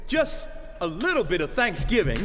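Animated preacher man in an echoey church. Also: sits high, moderate pace, crowd noise. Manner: animated, calls on the congregation with "church" and "amen". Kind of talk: sermon.

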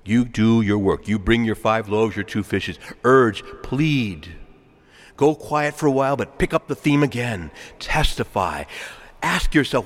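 Animated priest preaching in a reverberant church. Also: male voice, mid-range voice, a little slow. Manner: animated preaching with wide swings, chuckles and asides. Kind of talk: sermon. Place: large church.

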